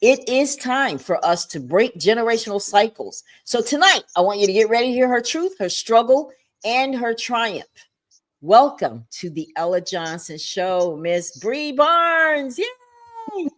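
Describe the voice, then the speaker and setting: An animated woman hosts a livestream talk show at a pitch right in the middle of her range, chatty and full of playful asides. She talks into a desk mic from a home streaming setup. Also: moderate pace.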